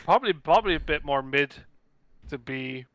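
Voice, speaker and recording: A man's voice: on the high side, lively intonation, moderate pace, fairly bright tone, no room sound. A man who is losing his voice, speaking hesitantly with many restarts in a casual group chat.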